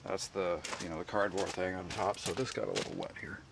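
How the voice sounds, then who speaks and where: A man with a fairly low voice talks casually as he works on an old car outdoors, rambling and poking fun at himself. The camera mic picks him up with a faint outdoor ambience behind him. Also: steady tone, a little fast, noisy background. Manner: rambling, folksy and self-deprecating. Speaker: DIY car repair vlogger. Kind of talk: casual how-to talk while working. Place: outdoors beside a jacked-up car.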